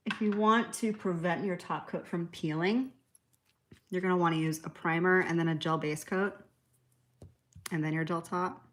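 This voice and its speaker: A woman's voice: lowish voice, fairly even intonation, moderate pace, fairly bright tone. A woman hosting a live nail art tutorial, chatting casually, answering viewer comments and laughing easily. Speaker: nail art livestream host.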